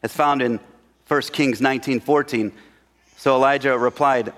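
A middle-aged male pastor preaching a sermon, swinging between loud emphatic lines and hushed whispers. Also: medium pitch, steady tone, normal speed. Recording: reverberant hall.

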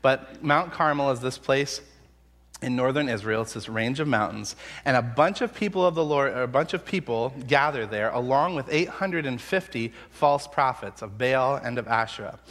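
Conversational pastor in a reverberant hall. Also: male voice, mid-range voice, animated, normal speed, a bit bright. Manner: conversational, wry and sarcastic storytelling. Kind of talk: sermon.

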